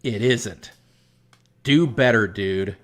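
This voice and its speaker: A man's voice: on the low side, slow. A man hosting a commentary video, responding to a clip in a sarcastic, exasperated, lecturing way.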